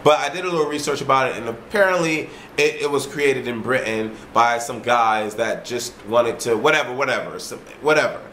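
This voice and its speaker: A man vlogging in a casual, ranting monologue. He tells his story in an animated way, swears freely and repeats himself. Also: mid-range voice, brisk, few pauses, slight background noise. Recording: roomy echo.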